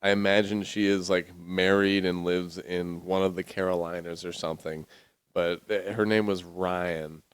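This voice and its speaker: A man's voice: sits low, flat delivery, normal speed, clean tone, no echo. A young man from South Florida, co-hosting a crude, laughing casual podcast chat. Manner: crude, laughing, slips into mock voices. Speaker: podcast co-host.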